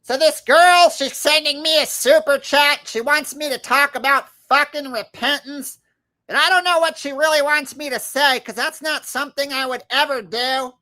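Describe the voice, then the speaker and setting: A man's voice: extremely high pitch, normal speed, sharp tone, voice pushed up. A man doing a comic impression of a brash, foul-mouthed middle-aged woman who rants and swears defiantly.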